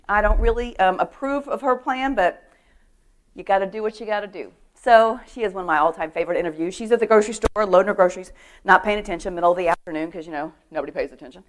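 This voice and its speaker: A middle-aged woman giving an animated talk on personal safety to a women's church group, telling stories, acting out quotes and asking the audience questions. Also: mid-range voice. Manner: lively storytelling, acts out quotes, asks the audience questions. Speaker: guest speaker on personal safety.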